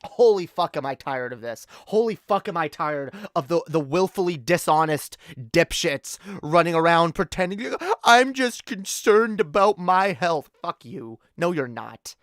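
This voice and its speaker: A Canadian woman with a low, expressive voice rants angrily and profanely on a live stream at a moderate pace, with few pauses. She frequently restarts and repeats words as she stumbles. The recording is dry and studio quality.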